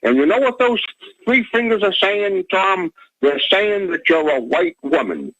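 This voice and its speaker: A man's voice: high-pitched, sing-song, unhurried, fairly bright tone, dry recording. A man calling in to a talk radio show, rambling with stumbling restarts over a phone line. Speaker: caller. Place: Boston area.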